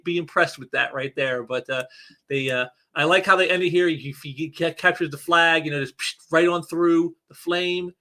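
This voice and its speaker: A man's voice: fairly high pitch, pushed and bright. A man casually reviewing a comic book, rambling with many restarts and fillers, and stressing key words for emphasis. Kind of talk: casual commentary while reading aloud.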